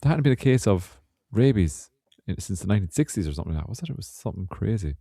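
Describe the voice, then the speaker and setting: Podcast guy, really deep dark voice, wry jokey chat, dry sound. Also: very animated, quick pace, vocal fry, no room sound. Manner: wry, joking asides. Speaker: podcast co-host. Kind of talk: casual chat.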